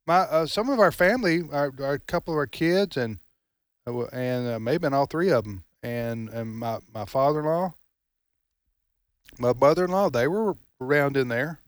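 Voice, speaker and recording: A man hosting a casual talk show, telling a story in a rambling, halting way with many fillers. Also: mid-range voice, animated, dry recording, clean studio sound.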